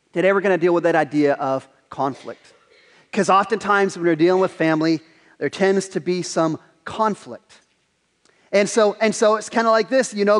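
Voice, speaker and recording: A man, a pastor giving a sermon in a church, telling stories in an animated way and often repeating his words. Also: high-pitched, big-room sound.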